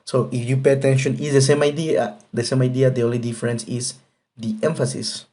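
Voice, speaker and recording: Patient, mellow-voiced male English teacher. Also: mid-range voice, level tone, brisk. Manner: patient, repetitive explanation with frequent fillers. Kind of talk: grammar lesson explanation.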